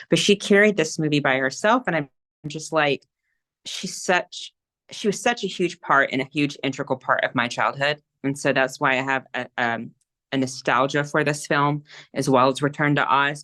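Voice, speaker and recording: A woman's voice: a bass voice, fairly bright tone. A woman with a Southern US accent hosting a casual podcast discussion, talking enthusiastically and gushing with rambling fillers. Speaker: podcast host.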